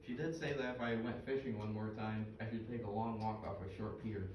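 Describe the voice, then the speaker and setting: A man's voice: on the low side, steady tone, a little fast, lightly acted. An actor playing Mike, a chatty middle-aged fisherman who tells jokes and fish trivia in a comedy skit. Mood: folksy. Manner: folksy, joke-telling, full of trivia. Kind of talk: scripted comedic dialogue. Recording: roomy, distant, noisy stage recording.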